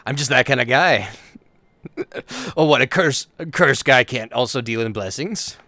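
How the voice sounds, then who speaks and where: A man's voice: mid-range voice, moderate pace, bright, forceful tone, no echo. A man chatting casually as his roleplay character, rambling with frequent laughs and playful voiced asides.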